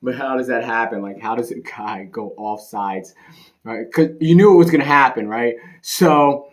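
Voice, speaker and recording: A man in a casual, rambling rant about a bad game, sarcastic and laughing, swinging between loud outbursts and muttering. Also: medium pitch. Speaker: sports commentary vlogger.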